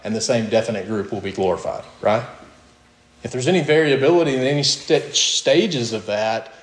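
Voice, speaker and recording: A man preaching with emphatic, insistent delivery, and his voice jumps high whenever he asks a question. His pitch sits in the middle for a man. The sound carries a clear echo, as if he were recorded in a reverberant room. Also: normal speed. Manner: emphatic, rising to high questions, with short laughs. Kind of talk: sermon.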